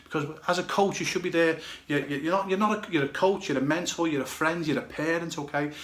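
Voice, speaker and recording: A man's voice: fairly high pitch, brisk, a bit bright, roomy sound. A blunt, emphatic man with a British accent, a goalkeeper coach giving direct advice and often checking "okay, yeah?". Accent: British English.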